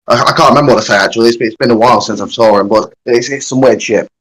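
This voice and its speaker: A man chatting casually on a podcast, talking haltingly and repeating words as he goes. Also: mid-range voice, fairly bright tone, slightly rough, rough recording.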